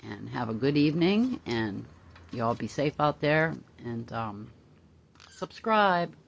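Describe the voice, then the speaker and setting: Gravelly woman cooing at her bird. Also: sing-song, slow. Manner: high sing-song baby talk to her pet bird. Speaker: pet vlogger. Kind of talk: casual chat to camera and pet.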